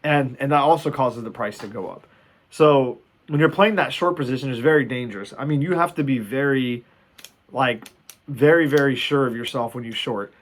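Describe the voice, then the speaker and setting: A man casually explaining stock shorting, animated, swearing freely and acting out panicked traders. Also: mid-range voice, moderate pace. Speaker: investing video host.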